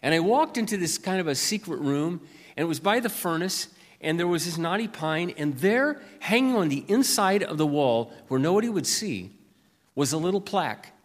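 A man preaching as a pastor, telling a personal story in an earnest way, then reading scripture slowly and loudly. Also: on the high side, expressive, big-room sound.

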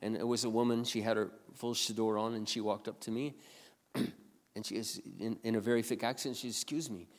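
Throat-clearing pastor in reverberant hall. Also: male voice, lowish voice, level tone, brisk. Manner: frequent throat clearing, retells conversations. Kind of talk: sermon storytelling.

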